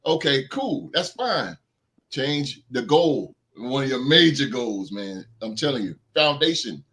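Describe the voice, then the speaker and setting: A man's voice: mid-range voice, big pitch swings, a little slow, fairly bright tone. A man in his thirties on a podcast, talking earnestly and emphatically, repeating himself as he urges other men on. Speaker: podcast guest. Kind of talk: heartfelt casual chat.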